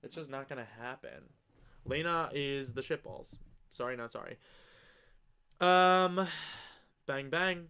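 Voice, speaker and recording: A young man hosting a live stream, chatting casually and reading viewer comments aloud with excitable, gushing enthusiasm and the odd swear. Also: mid-range voice, a little slow, long pauses, clean tone.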